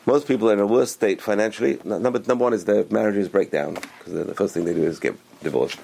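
A man's voice: on the low side, quick pace, creaky, warm tone, breathy edge. A man giving a motivational religious talk, speaking emphatically, repeating phrases and restarting his sentences.

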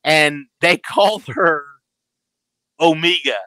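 Male podcast host, thirties, bright forceful tone, dry close sound, excitable and stammering. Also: on the high side, slow pace, no room sound, poor audio. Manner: animated, stammers, acts out quotes. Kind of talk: casual chat about a TV episode.

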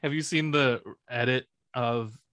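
A man's voice: medium pitch, fairly even intonation, unhurried, a bit bright, no echo. A man hosting a podcast, chatting casually and joking with friends, laughing often. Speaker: podcast host. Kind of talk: casual chat.

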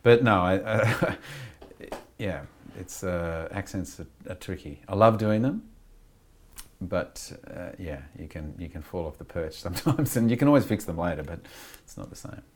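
Male actor, very low voice, loose rambling interview talk, self-mocking. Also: expressive, normal speed. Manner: candid, rambling, self-deprecating with laughs.

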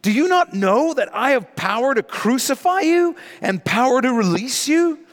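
A man voicing an exasperated, uneasy Roman governor, his questions pitched up and indignant. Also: big pitch swings, normal speed, in a large hall.

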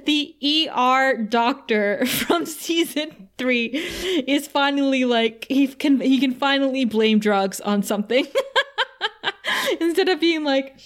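A woman with a slightly high voice chats about a TV episode with a co-host. She giggles often and peppers her talk with "like", loose and casual. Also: a little slow. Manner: giggly, animated, many "like" fillers. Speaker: podcast co-host. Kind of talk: casual recap chat.

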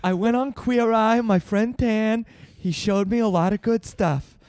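A man doing a slow, slightly effeminate impression of a blustering male politician. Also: sits high, darkish tone, no echo, studio quality. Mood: boastful.

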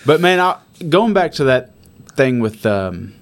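A man in casual chat, backing up his friend with short agreements and telling stories in an animated way. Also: measured pace. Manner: animated storyteller, jumps high when quoting people. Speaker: friend in conversation.

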